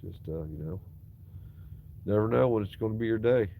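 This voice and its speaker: A man's voice: on the low side, moderate pace, creaky, phone-quality sound, a little hiss or hum. A man, rambling profanely and casually about his tree-cutting work. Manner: profane, rambling, drawling storyteller. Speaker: tree cutter vlogging.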